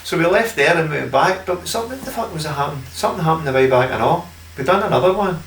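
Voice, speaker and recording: A man's voice: fairly high pitch, expressive, fast talker, a bit bright. A Scottish man, a podcast guest, telling stories in casual chat, swearing a lot and laughing as he talks. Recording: echoey room from far off with faint hiss.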